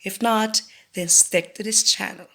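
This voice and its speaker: A woman explains each point as an online teacher, unhurried and careful as she counts syllables aloud. Her voice sits at a middling pitch and carries a slight gravelly texture. She keeps a slow, deliberate pace throughout. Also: fairly even intonation, a bit bright. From Philippines. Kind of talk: educational lesson.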